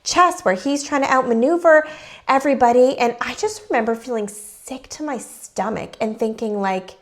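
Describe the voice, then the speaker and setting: A woman's voice: on the high side, moderate pace. A woman telling a personal story in a candid podcast chat, acting out the quotes as she goes. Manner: animated storytelling, acts out quotes.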